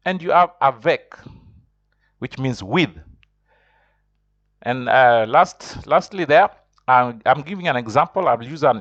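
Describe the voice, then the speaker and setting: A man's voice: mid-range voice, no room sound, dull audio. A man teaching a beginners' French lesson online, explaining step by step and repeating himself often.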